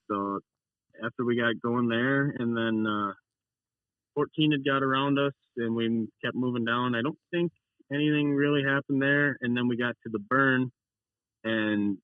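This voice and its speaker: Young man, casual storyteller, mid-pitch voice, tinny phone line, no room sound. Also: no echo. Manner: rambling storyteller, acts out his own quotes. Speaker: racer telling his race story. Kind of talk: casual call-in chat.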